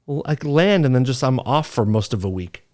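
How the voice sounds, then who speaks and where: A man's voice: mid-range voice, brisk. Joking man in casual podcast chat. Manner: joking, deadpan sarcasm, asks lots of questions. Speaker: podcast co-host.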